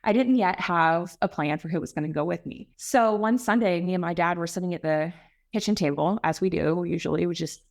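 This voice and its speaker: A woman in her forties hosting a podcast, telling a personal story in a chatty way and acting out the dialogue with lively voices. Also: lowish voice, fairly quick. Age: 40s. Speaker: podcast host. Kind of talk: casual storytelling.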